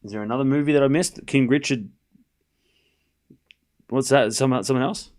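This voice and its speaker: A man's voice: medium pitch, normal speed, a little mellow. A young Australian man streaming a tennis watchalong, calling scores and bantering with chat in a joking, sarcastic way. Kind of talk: live watchalong commentary and chat.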